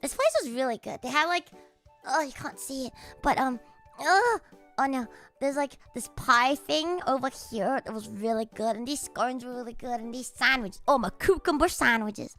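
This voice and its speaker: A young woman streaming, telling stories in a chatty, animated way and laughing loudly and often. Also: high-pitched, normal speed, faint music behind. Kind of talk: casual chat stream.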